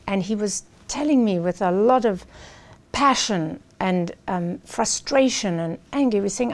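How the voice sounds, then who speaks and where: A woman coach, a guest in a studio interview, telling a client story in an animated way. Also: on the low side, normal speed. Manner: animated storyteller, acts out quoted speech.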